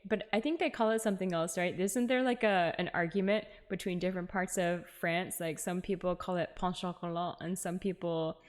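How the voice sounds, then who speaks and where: A woman's voice: on the low side, steady tone, fairly quick, few pauses. A woman streamer chatting casually and giggling while she plays a game, answering her chat.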